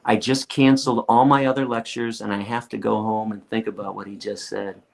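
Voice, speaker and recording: A man's voice: fairly low pitch, level tone, fairly quick, gravelly. A middle-aged man telling stories in an interview, blunt and profane, acting out other people's lines as he goes. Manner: blunt, profane, fired-up, acts out quotes. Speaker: guest lecturer and activist. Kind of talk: animated interview storytelling.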